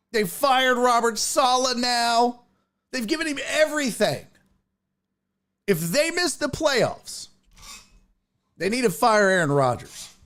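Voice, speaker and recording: A man's voice: extremely high pitch, a bit bright. A man hosting a live-streamed sports talk show, ranting with lots of profanity and answering viewer chat.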